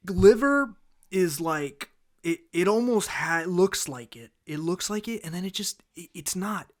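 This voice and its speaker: Man, casual solo talk host, slightly raised pitch, rambling, exasperated. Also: expressive, a little slow. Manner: rambling, many restarts and fillers, exasperated rants.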